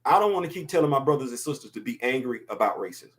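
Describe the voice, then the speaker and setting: A man's voice: mid-range voice, lively intonation, rapid-fire. Emphatic man in his fifties. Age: 50s. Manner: emphatic, preachy, repeats words for effect. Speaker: podcast host. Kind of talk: casual opinion talk.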